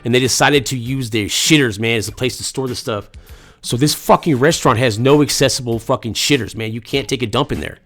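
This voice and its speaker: A man's voice: mid-range voice, a little fast, fairly bright tone, faint music behind. A man from the United States telling a crude comedic story, profane and rambling with lots of slang.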